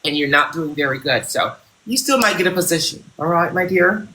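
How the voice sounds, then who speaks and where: Streaming from his phone, a man styles himself a CEO and conducts a role-play job interview as the boss, mock-formal, unhurried yet animated, and he slips into thanking viewers. His voice is a little high with a bright edge. The recording has room echo, faint clicks, and a little hiss or hum.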